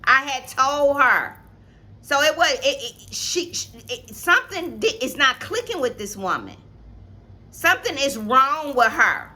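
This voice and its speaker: A woman in her 50s from Atlanta, Georgia, US, co-hosts a casual vlog, speaking at a measured pace in a high, pushed, bright voice with big pitch swings. She tells a personal story emphatically, repeating phrases and talking straight to viewers.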